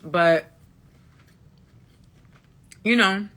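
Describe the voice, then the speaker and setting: Speaking extremely slowly in a mid-range, slightly bright voice, this woman hosts a casual livestream from her phone. Her monologue is blunt and emphatic, and she keeps restating what she's already said.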